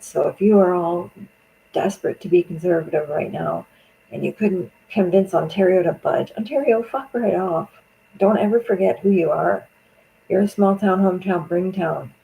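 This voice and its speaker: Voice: mid-range voice, creaky, warm tone, a little hiss or hum, poor audio. A speaker, angrily venting in a profane political monologue on a stream. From Canada.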